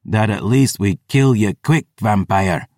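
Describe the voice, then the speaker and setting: A man's voice: on the low side, a little slow, a little mellow, dry recording, clean studio sound. A man doing a growling warrior woman. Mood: menacing. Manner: growling, threatening. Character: big gruff warrior woman, hostile.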